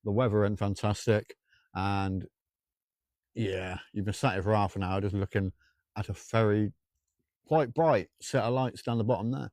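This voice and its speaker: Out by old railway tracks at night, a man hosts a live ghost hunt, talking to his viewers in a rambling, joking way and calling them by name. His voice is lowish, steady and darkish in tone, with a normal pace and long pauses. His throat sounds sore and dry, and the recording has no echo.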